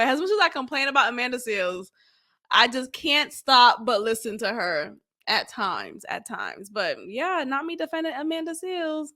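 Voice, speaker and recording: A woman hosting a podcast, giving casual commentary on an interview in an animated, expressive way and acting out the quotes. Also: a little high, normal speed. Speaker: podcast host reviewing an interview.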